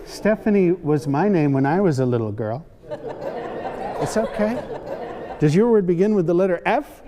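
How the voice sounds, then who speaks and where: A man's voice: high-pitched, expressive, a crowd in the background. A man performing as a comedy magician, teasing and joking with audience volunteers on stage. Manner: playful, teasing, quick asides. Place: stage before a live audience. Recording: hall reverb, faint room noise.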